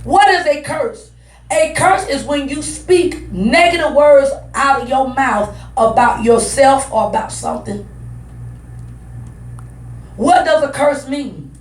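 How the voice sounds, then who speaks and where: Woman preacher, very high voice, shouting and repeating her points, recorded from a distance in an echoey hall. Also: slow pace. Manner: loud, emphatic, repetitive preaching. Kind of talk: sermon.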